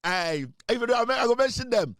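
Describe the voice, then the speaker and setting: Teasing high-voiced Ghanaian man. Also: expressive, a little fast, fairly bright tone, no room sound, clean studio sound. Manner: teasing, repetitive rhetorical questions, mixes English and Twi. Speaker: online show host. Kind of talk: casual commentary monologue.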